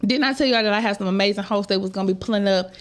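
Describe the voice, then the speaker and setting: A woman hosting a live podcast, talking in a chatty, drawn-out, conversational way. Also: mid-range voice. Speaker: podcast host. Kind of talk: casual live-show chat.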